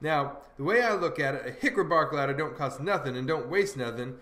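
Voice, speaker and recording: A man's voice: a little high, lively intonation, fairly quick, fairly bright tone. A man voicing a plain-spoken, skeptical teenage boy who talks in practical folksy dialect, in an audiobook reading. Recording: roomy echo.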